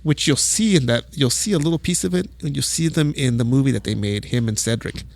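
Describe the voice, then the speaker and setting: Gravelly man telling profane stories. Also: mid-range voice, fairly quick, a little hiss or hum. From El Paso, Texas. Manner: profane, animated storytelling with acted quotes. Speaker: podcast guest, music photographer. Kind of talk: casual storytelling.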